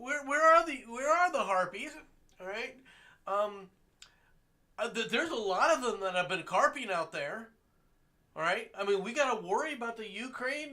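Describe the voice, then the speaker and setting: A man with a strikingly high, piercing voice hosts a political talk show. He rants in a mocking, sarcastic way, stumbling over his words and bursting into shouts. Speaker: podcast host.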